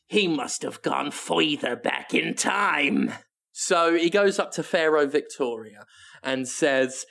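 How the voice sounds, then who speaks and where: An animated comedy podcaster riffing through an absurd story, laughing as he goes. The voice is gravelly with a wide, lively pitch range. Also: takes it slowly. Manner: animated, silly, laughs often. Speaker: co-host.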